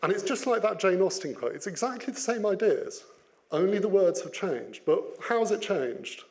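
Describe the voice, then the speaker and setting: A man's voice: high voice, moderate pace. Playful man giving a business talk. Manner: lively, playful, asks the audience questions. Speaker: business speaker. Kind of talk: interactive presentation talk.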